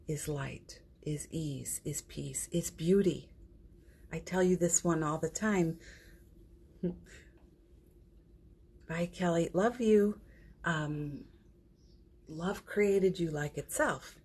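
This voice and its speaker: A middle-aged woman, an energy healer, giving a gentle and affectionate spiritual pep talk on a morning livestream, greeting viewers by name and laughing often. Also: deep voice, takes it slowly, gravelly, pauses often, slightly rough. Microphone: phone or computer mic for a livestream.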